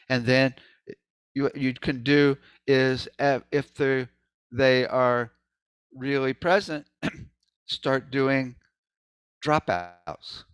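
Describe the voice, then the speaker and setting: A man's voice: mid-range voice, slow pace, smooth, no room sound. A man giving an informal presentation, talking loosely with many asides and demonstrating hums and rhythm syllables aloud. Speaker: presenter at a sound healing meeting.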